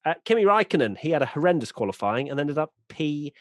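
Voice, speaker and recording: A man's voice: a little high, fast, no echo, clean studio sound. A British man hosting a casual podcast chat, leading the talk and teasing his co-hosts. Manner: lively, teasing, leads the grading. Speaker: podcast host.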